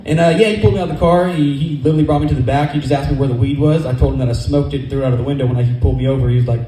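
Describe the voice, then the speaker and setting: A man's voice: medium pitch, steady tone, warm tone, roomy sound, low-quality recording. A man from California doing a rambling, profane stand-up set at a comedy club open mic, speaking into a stage microphone. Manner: rapid, profane, rambling storytelling.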